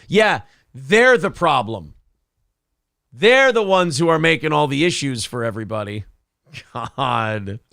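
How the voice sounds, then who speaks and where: Man, talk show host, sarcastic, crude, gravelly, dry close mic. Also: mid-range voice, big pitch swings, a little slow, pauses often, pushed and bright, dry recording. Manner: crude, sarcastic, reads out viewer donations. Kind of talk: casual live-stream talk show banter.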